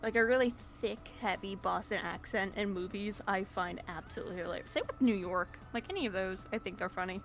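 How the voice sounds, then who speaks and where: A woman chatting casually on a stream, animated and giggly, often trailing off mid-thought. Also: medium pitch, fairly quick, few pauses, faint music behind.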